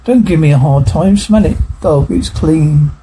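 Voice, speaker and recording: A man reading the part of a crude, quick-tempered young male scavenger from a film script, blunt and coarse. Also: on the high side, mellow, lightly acted. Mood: gruff. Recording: noisy recording with clicks.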